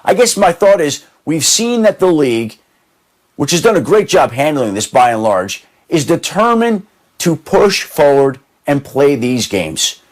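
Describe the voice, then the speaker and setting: Guy analyst on a sports talk show, pitch jumps around a lot, a bit high, thinking out loud. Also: big pitch swings. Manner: measured, thinking aloud with restarts.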